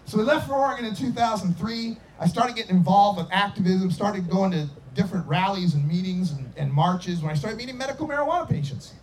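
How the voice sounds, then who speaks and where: A man's voice: high voice, animated, fast, few pauses, slight background noise. A man in his forties telling a rambling personal story in a casual way, acting out voices and sound effects as he goes. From Idaho.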